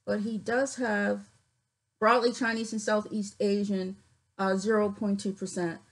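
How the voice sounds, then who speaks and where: A woman vlogging casually, reading figures off her screen with many fillers and pauses, her voice cutting in and out. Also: mid-range voice, little pitch movement, poor audio. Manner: reads figures aloud haltingly with many fillers. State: voice cuts in and out.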